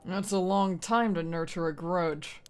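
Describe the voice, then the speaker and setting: A woman's voice: on the low side, steady tone, measured pace, clear, resonant tone, soft background music, natural voice. A woman voicing a tough male detective in game dialogue, dry, wisecracking and defiant. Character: tough male detective, lone wolf father. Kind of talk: reading game dialogue aloud.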